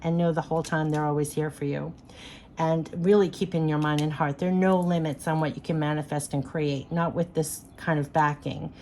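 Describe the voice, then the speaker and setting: A woman's voice: sits low, fairly even intonation, normal speed, darkish tone, slight background noise. A woman doing a spiritual card reading, speaking in a soothing, repetitive, affirming way.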